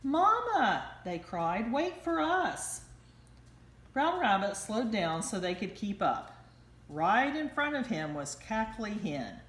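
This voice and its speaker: A woman teacher reading a bedtime story aloud in a slow, expressive storytelling manner. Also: medium pitch. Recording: roomy echo.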